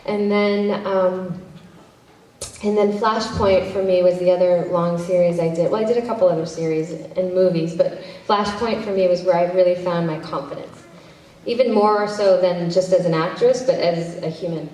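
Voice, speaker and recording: A woman's voice: lowish voice, steady tone, normal speed, warm tone, slight background noise. Woman guest rambling thru fan q&a, laughs a lot, echoey hall, far off mic. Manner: chatty, self-interrupting, laughs easily. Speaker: panel guest, actress and director. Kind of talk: casual convention Q&A answers. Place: convention hall panel.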